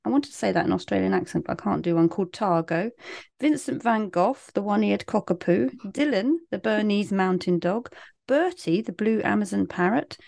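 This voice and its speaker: A woman's voice: medium pitch, normal speed, vocal fry, darkish tone. A woman co-hosting a chatty podcast, with a dry, teasing sense of humour. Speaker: podcast co-host. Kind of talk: casual chat.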